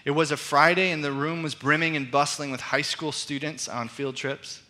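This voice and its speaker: A man delivers a sermon with a bright, forceful edge to his voice. He speaks as a pastor, earnest and reflective, stretching key phrases for weight. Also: on the high side, fairly even intonation. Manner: earnest, reflective storyteller who slows down for emphasis.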